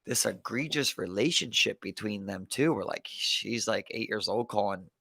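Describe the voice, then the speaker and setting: A man's voice: fairly low pitch, moderate pace, gravelly, pushed and bright, slightly rough, dry recording. A young man with a Baltimore accent, telling a story casually on a podcast, rambling with many fillers and calling his listener "bro.". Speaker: podcast co-host.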